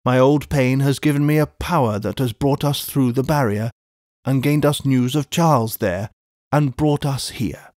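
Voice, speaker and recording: A man playing a calm, self-assured older doctor who speaks with cool confidence in a storybook reading. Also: medium pitch, normal speed, no room sound, clean studio sound, natural voice. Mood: calm confident.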